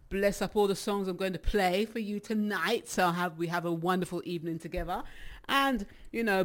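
A young adult woman with a Jamaican accent, a little out of breath, hosting a casual gospel live stream, chatty and affectionate as she greets viewers by name and laughs often. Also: on the low side.

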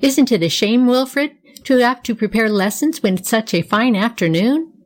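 A woman's voice: expressive, moderate pace, close to an everyday voice. A woman voicing Nora, a dreamy wistful little girl. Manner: eager, wistful, raised girlish pitch. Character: girl Nora, under nine, dreamy and touchy. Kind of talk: audiobook character reading.

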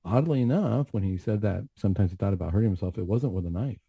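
A man's voice: fairly low pitch, fast, gravelly, dark tone, husky, no room sound. A man who works as a counselor, giving an earnest, reflective faith testimony on a talk show with many asides. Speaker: mental health counselor.

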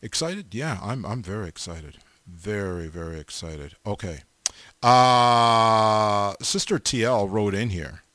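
A middle-aged male radio host ambles through listener greetings at an unhurried pace, his voice bright and forward. He talks in a rambling way, full of fillers and repeated amens. The sound is dry and close, with no room behind it. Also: fairly low pitch, animated, dry recording. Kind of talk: casual on-air shout-outs to listeners.

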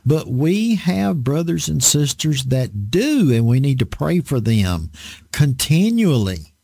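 A man preaching an online Bible study sermon, slow and deliberate, drawing out words for emphasis. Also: on the high side, very animated, vocal fry, mellow, slightly rough, dry recording, studio quality.

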